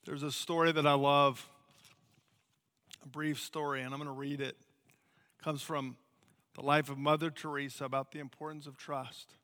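An American man preaching a sermon as a missionary, in an animated, conversational way. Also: on the high side, normal speed, pauses often, long reverb tail. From United States.

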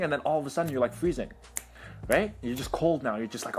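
An energetic man tells motivational stories at a rapid clip. He keeps checking in with his listeners. His voice sits at a middle pitch, with soft music underneath. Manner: energetic, keeps checking in with "right?" and "you know what I mean?". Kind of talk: motivational storytelling.

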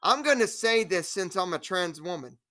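A woman's voice: lowish voice, expressive, normal speed, pushed and bright, faint music behind. A woman delivering an indignant direct-to-camera rant as a trans rights activist, scolding trolls and repeating herself.

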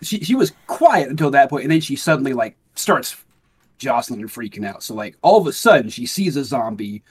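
A man's voice: medium pitch, very animated, fairly quick, breathy edge. A man in casual chat, walking through a movie scene with many fillers and wry remarks. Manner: rambling, filler-heavy, wry. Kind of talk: casual chat reviewing a film.

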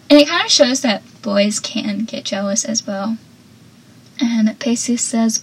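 Young female podcaster, chatty and opinionated, husky and a touch high. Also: moderate pace, rough recording. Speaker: podcast host. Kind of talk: casual TV episode recap.

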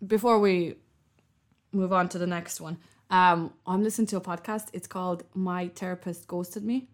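A woman co-hosting a podcast in casual chat, telling animated stories and acting out other people's voices with laughter. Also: lowish voice, normal speed. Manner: animated storyteller, acts out voices with loud laughter. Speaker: podcast co-host.

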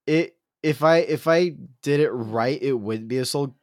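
A man's voice: medium pitch, measured pace, no echo, clean studio sound. A young man co-hosting a casual podcast chat, joking and punning. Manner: joking, punning, self-deprecating. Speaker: podcast co-host.

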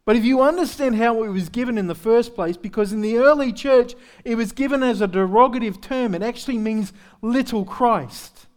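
Male pastor with a high voice, preaching conversationally, blunt and self-deprecating, keeps asking the room "right?". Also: normal speed, hardly any pauses, a little mellow. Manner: candid, self-deprecating humor. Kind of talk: sermon. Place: church service.

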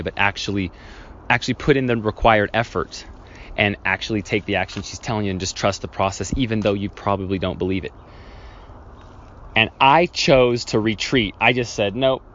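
A man talks through a personal story on his own podcast, wandering and correcting himself as he goes. The sound is slightly muffled, with faint traffic noise behind him. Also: a bit bright. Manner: rambling, self-correcting, acts out childhood scenes with raised pitch. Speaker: podcast host. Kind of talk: reflective solo podcast storytelling.

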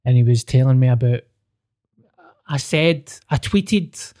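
Blunt, jokey Glaswegian podcast host. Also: male voice, mid-range voice, lively intonation, unhurried, dark tone. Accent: Glaswegian Scottish. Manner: blunt, jokey, swears freely. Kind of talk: casual podcast chat.

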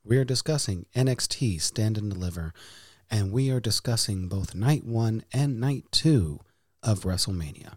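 A man's voice: on the low side, animated, normal speed, no room sound, studio quality. A man hosting a casual podcast, playful, with hammy announcer-style flourishes. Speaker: podcast host.

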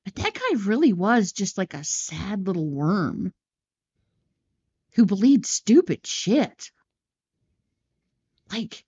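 A woman co-hosting a casual movie podcast, swearing freely and going off on animated tangents. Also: medium pitch, husky, lo-fi sound. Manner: profane, tangent-prone, animated. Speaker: podcast co-host.

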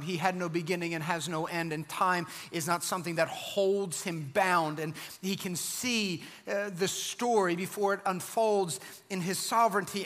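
A man preaching a sermon as pastor, animated and emphatic, building to fervent peaks. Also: sits high, in a large hall.

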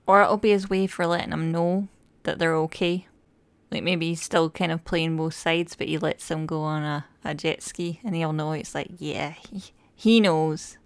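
A woman's voice: low voice, level tone, moderate pace, clear, resonant tone, dry recording. A woman co-hosting a casual review chat, eager and opinionated. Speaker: podcast co-host.

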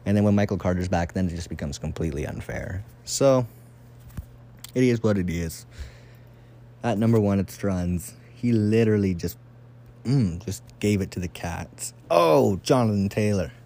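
Profane, excitable young man with a mellow low voice. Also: moderate pace. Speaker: fantasy football podcaster. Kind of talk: casual solo commentary.

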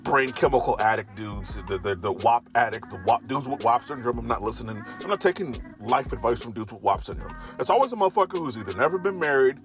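A young man giving a profane, emphatic ranting monologue, his voice jumping up in pitch when he gets worked up. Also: lively intonation, fast talker, hardly any pauses, music in the background. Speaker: commentator.

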